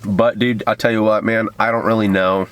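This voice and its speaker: A man's voice: on the low side, a little fast, slight background noise. A man co-hosting a podcast, joking around and running himself down in casual sports chat. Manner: jokey, self-deprecating, animated. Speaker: podcast co-host.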